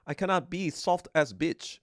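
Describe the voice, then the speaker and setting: A man's voice: a little high, expressive, moderate pace, no room sound, studio quality, pitched above the performer's own voice, close to an everyday voice. A man voicing a rude, blunt male Soviet dictator in broken English with a made-up accent.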